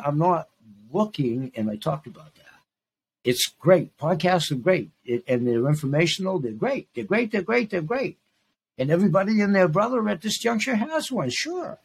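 In a slightly high, creaky voice with a breathy edge, a man in his sixties talks through his own podcast. The monologue is casual, emphatic and meandering, with phrases repeated for stress.

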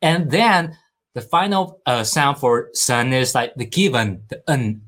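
A man's voice: mid-range voice, animated, normal speed, fairly bright tone. A man teaching Mandarin pronunciation, patiently drilling each sound over and over. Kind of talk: slow pronunciation lesson.

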